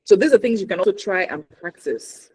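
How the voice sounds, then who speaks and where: A man's voice: sits high, lively intonation, brisk, darkish tone, husky, low-quality recording. Emphatic Nigerian man teaching a workshop. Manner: emphatic, checks in with frequent "right?". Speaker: communication trainer.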